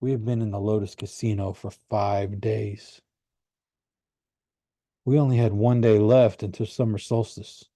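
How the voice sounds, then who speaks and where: A man narrating a first-person story with an earnest, animated delivery. His voice is dark and mellow, recorded close in a dry room with no echo. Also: on the low side, measured pace, pauses often. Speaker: audiobook reader.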